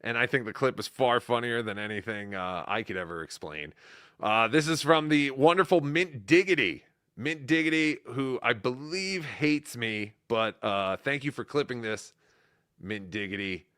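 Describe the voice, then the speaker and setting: A man hosting a live show who banters in an excitable, teasing and crude way. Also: medium pitch, normal speed, no echo, clean studio sound. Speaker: host. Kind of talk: casual live-stream banter.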